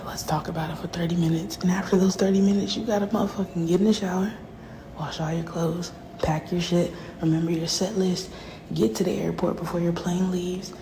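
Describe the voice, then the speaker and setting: A woman's voice: fairly low pitch, background noise. A woman rapper in a profane, rambling livestream rant that often sinks to a whisper.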